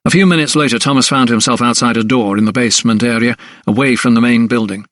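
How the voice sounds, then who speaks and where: A male narrator reading a historical mystery audiobook in a mid-range voice. He reads in an even, measured way. The recording is dry and close, with no room sound. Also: mid-range voice, no echo. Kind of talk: scripted narration.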